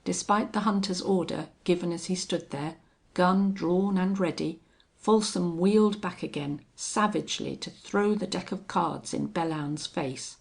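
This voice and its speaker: A woman narrating a western audiobook in a steady, measured reading. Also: on the low side, vocal fry.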